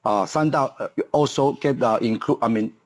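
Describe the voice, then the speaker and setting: Halting man in his fifties, English. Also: medium pitch. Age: 50s. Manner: halting, searches for English words with many fillers and restarts. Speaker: guest, martial arts coach. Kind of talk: podcast interview.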